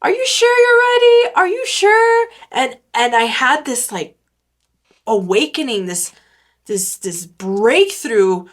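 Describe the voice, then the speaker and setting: A woman hosting her own podcast, talking earnestly and emotionally in a halting way, repeating words and swearing now and then. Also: on the high side, fairly bright tone. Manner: emotional, near tears; swears casually. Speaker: podcast host. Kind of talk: personal solo podcast talk.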